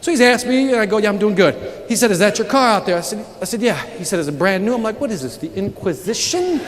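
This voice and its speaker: A man giving a live motivational sales keynote, telling stories with sudden loud outbursts. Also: high-pitched, lively intonation, fast. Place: large conference hall with audience. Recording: reverberant hall, audience noise.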